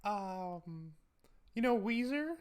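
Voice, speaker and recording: A man's voice: high-pitched, animated, clean tone. Hesitant male caller on the line. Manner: hesitant, halting, vague answers. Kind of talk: phone call-in chat.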